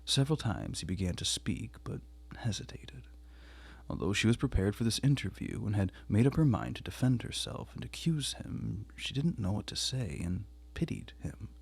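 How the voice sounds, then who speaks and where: A man narrating a classic novel as an audiobook reader, with a measured, deliberate reading. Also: lowish voice, big pitch swings, gravelly, husky.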